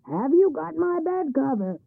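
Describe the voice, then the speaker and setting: A big, greedy male troll from a storybook booms his lines, raised high and loud, as a woman reads him. The voice has a gravelly, husky edge. The sound is tinny and narrow, like a phone line. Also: very animated, unhurried, dry recording, exaggerated voice. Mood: gloating. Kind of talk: storybook reading.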